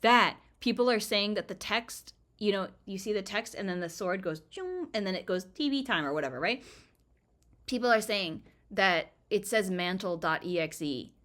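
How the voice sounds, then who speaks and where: A young woman streaming a video game, reacting with excited, swearing, laughing commentary. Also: mid-range voice, normal speed. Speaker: gaming streamer. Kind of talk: excited casual let's-play commentary. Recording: game music under voice. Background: game music.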